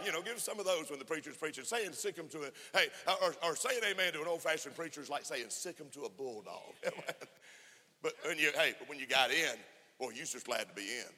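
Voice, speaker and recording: A man with a fairly high, sharp voice preaches a fervent sermon at a church conference, laughing often and calling for amens. Echoey hall reverb fills the recording.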